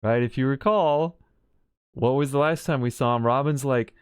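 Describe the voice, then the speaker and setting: A man giving casual, rambling commentary on a game's story, talking quickly and restarting his sentences. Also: medium pitch, clear, resonant tone, no echo, studio quality. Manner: rambling, quick, with many restarts and self-corrections. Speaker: streamer.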